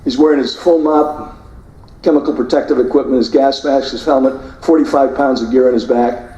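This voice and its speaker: An older man giving a forceful speech, narrating combat footage and mimicking the people he quotes. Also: medium pitch, fairly even intonation, fairly quick. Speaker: guest speaker. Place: hotel banquet hall. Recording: echoey hall, voice from far off.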